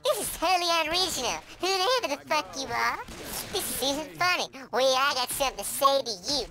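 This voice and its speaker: A man's voice: animated, a little fast, poor audio. A man voicing a hyperactive, crude young boy who panics and shrieks while commenting on a video game. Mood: panicked. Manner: frantic shrieking, sudden swings to low mutters. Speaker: gamer. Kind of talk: comedic let's-play commentary.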